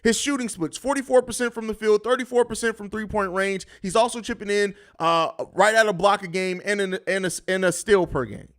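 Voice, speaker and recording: A man's voice: sits high, a little fast, hardly any pauses, fairly bright tone. A man hosting a live sports podcast, talking bluntly and riffing with plenty of profanity. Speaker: podcast host. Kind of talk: live-stream sports talk.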